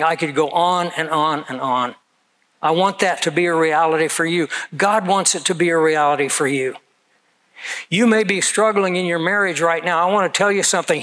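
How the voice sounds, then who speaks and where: A man's voice: fairly high pitch, fairly bright tone, low-quality recording. A man in his seventies preaching a sermon, telling personal stories in an earnest, conversational way. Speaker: pastor.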